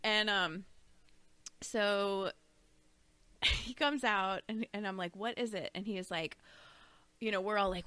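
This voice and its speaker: A woman co-hosting a podcast, telling a funny family story in a casual, animated way. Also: mid-range voice, measured pace, pauses often, no room sound. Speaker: podcast co-host.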